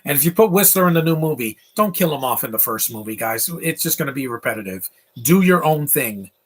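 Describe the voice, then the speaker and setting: Rambling opinionated man with a husky tone. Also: medium pitch, expressive, brisk. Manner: opinionated, rambling, with fillers and asides. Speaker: film commentator. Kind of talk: casual live movie commentary.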